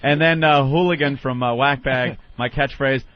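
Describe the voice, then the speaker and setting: A man's voice: medium pitch, fairly even intonation, moderate pace. A man hosting a radio show, joking and chuckling in casual banter. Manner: joking, chuckling, reads listener lines in put-on voices. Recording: muffled radio broadcast.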